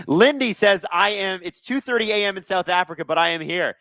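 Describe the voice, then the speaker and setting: A man hosting a live hockey watch-along, reading viewer chat aloud and calling plays with excitable energy. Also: high voice, slow pace, pauses often, no room sound, clean studio sound.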